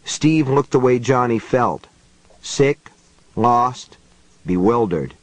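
A male narrator reads a novel aloud in measured, unhurried storytelling. His delivery is slow, and his voice sits at a middle pitch. The recording is dry and close, with no room sound. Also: animated, no echo, low-quality recording. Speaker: audiobook narrator. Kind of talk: scripted narration.

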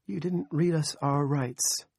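A man voicing a frightened, indignant young woman in an audiobook, her lines raised high and loud in shrill protest. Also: steady tone, slow, vocal fry, no room sound, clean studio sound, full character voice. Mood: wailing. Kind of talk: audiobook character voice.

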